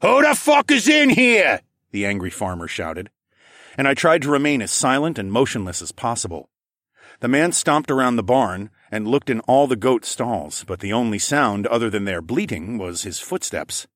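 A man narrating a first-person story in a steady, even reading voice. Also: fairly low pitch, normal speed, no echo, clean studio sound.

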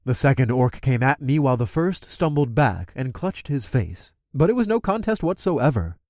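A man's voice: mid-range voice, a little mellow, no room sound, studio quality. A man giving wry, first-person audiobook narration.

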